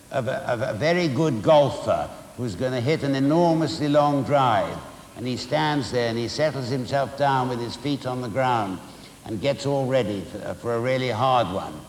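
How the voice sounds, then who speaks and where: A man reading a memoir aloud with expressive, dramatic storytelling and occasional asides. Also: medium pitch. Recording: roomy hall reverb.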